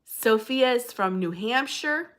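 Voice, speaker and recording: A woman's voice: on the high side, animated, slow. A woman hosting a casual livestream, chatting and greeting viewers by name in a bubbly way. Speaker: livestream host.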